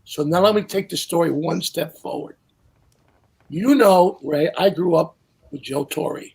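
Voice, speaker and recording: Older guy telling a story, gravelly husky voice, kinda high, does all the quotes. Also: unhurried. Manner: animated storyteller who acts out quotes. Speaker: guest storyteller. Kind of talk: casual anecdote telling.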